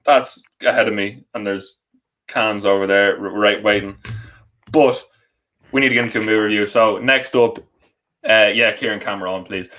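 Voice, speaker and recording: A man's voice: on the low side, steady tone, moderate pace, fairly bright tone, a little hiss or hum, low-quality recording. A young man hosting a podcast live stream, rambling and correcting himself as he introduces guests. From Ireland. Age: young adult. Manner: rambling, self-correcting, laughing often. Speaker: podcast host. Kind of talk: casual live stream chat.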